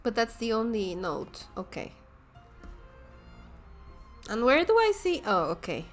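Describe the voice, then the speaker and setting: A woman streaming a game's first impressions, chatty and excitable, giggling often. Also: fairly high pitch, measured pace. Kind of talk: game first-impressions commentary. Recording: commentary over game music.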